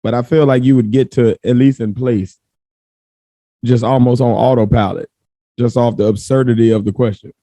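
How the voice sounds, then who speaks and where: Mellow-voiced man musing on a podcast. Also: medium pitch, normal speed, no room sound. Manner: relaxed, thinks aloud with many "like"s. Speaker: podcast co-host. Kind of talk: casual chat.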